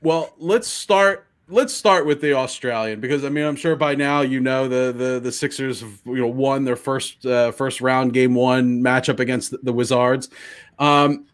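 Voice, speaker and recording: A man's voice: medium pitch, normal speed. A man hosting a podcast in casual chat, joking and rambling with restarts. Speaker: podcast host.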